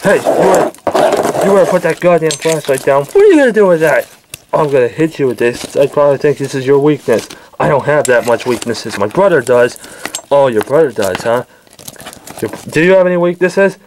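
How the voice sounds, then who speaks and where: A man acting out a home-made toy skit, bickering with himself in several voices, jumping between shouted yelps and low grumbles. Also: fairly quick, slight background noise.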